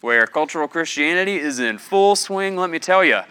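A young man from the American Southeast preaching a sermon in a conversational, animated way, acting out the people he quotes. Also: a little high, moderate pace, smooth. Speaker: pastor.

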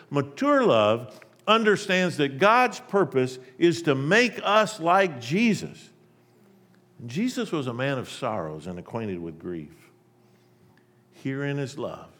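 A male preacher giving an emphatic sermon, telling a parable and shifting between loud and soft delivery. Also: fairly high pitch, long reverb tail.

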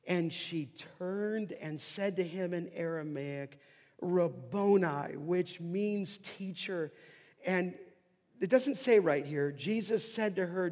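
High-voiced preacher in a reverberant hall. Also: male voice, slow. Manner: expressive preaching, swings between hushed and emphatic. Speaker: pastor. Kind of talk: sermon.

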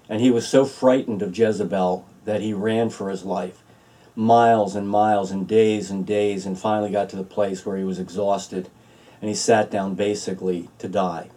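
Low-voiced pastor preaching, mellow tone. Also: male voice, distant mic. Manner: earnest storytelling with fillers. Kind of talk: sermon. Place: church, filmed for online video.

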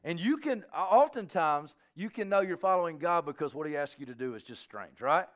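A man's voice: fairly high pitch, expressive, brisk. A middle-aged man preaching a sermon, moving between fervent exhortation and chatty storytelling with acted-out asides. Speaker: pastor.

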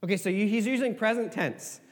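A man preaching a sermon as pastor, conversational and animated, with asides. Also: high-pitched, brisk. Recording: hall reverb.

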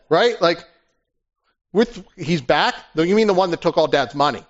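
Man preaching a lively conversational sermon. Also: fairly high pitch, fairly quick. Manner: conversational, animated storytelling. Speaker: pastor. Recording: dull lo-fi recording.

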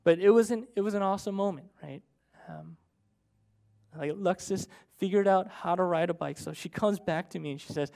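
A man's voice: high-pitched, fairly quick, creaky, mellow. A man in his thirties, a pastor telling a personal story in a sermon, earnest and conversational, often checking in with "right?".

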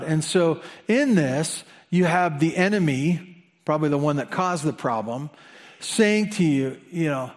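A man's voice: a little high, lively intonation, unhurried. A man preaching a conversational sermon, asking the listeners questions and slipping in chatty asides. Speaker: pastor.

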